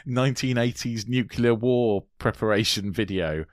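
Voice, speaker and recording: A man's voice: mid-range voice, moderate pace, no echo, clean studio sound. A man co-hosting a podcast, chatting casually about a film, laughing often and joking, trailing off mid-thought. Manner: giggly, jokey, trails off. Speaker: podcast co-host. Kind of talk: casual film review chat.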